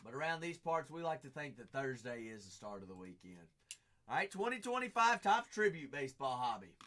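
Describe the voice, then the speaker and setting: Upbeat American man with a bright, forceful voice, running a live sales break with repetitive hype patter. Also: medium pitch, big pitch swings, a little fast. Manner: upbeat hype, repeating phrases, chatting with viewers. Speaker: card break host.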